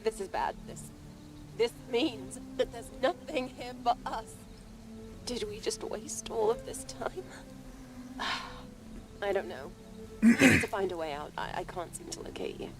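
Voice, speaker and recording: A worried caller, high voice. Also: female voice, lively intonation, a little slow, pauses often, over music. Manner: worried, calling out. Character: anxious woman lost on a radio call. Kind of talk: video game voice acting.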